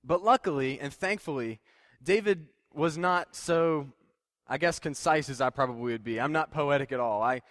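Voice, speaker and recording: A young male preacher with a slightly raised pitch delivers a casual, conversational sermon. He is plain-spoken and self-deprecating, stumbling into fillers and restarts. The sound is dry and close, with no room echo. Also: normal speed, fairly bright tone.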